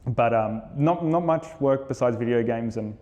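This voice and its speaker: A man's voice: mid-range voice, moderate pace, a little mellow, in a large hall, highs cut off. A young Australian man, an actor, chatting animatedly as an interview guest, telling stories with laughs. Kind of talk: casual interview chat.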